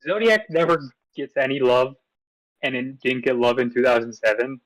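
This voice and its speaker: A man's voice: mid-range voice, normal speed, no echo, low-quality recording. A man co-hosting a movie podcast in casual chat, easygoing, running through his picks from notes with fillers. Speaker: podcast co-host.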